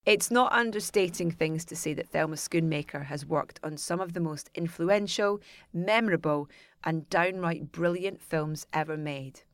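A woman hosting a film music podcast, chatty and quick to laugh. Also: sits low, dry recording, clean studio sound. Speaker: podcast host. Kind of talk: casual interview chat.

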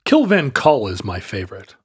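A man co-hosting a podcast, chatting casually with quick, playful quips. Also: on the low side, huge pitch swings, husky, dry recording, studio quality. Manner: quippy, playful interjections. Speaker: podcast co-host. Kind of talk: casual chat, joking asides.

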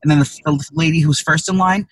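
A man co-hosting a comedy podcast, rambling through crude stories with loud, profane rants. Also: fairly high pitch, fairly even intonation, fairly quick, a little hiss or hum. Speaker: podcast co-host. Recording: distant from the mic.

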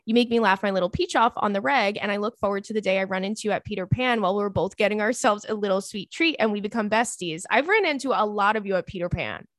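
A woman's voice: mid-range voice, fast, few pauses, no room sound. A woman hosting an advice podcast, reading a listener's email aloud and reacting in a playful, slangy, chatty way.

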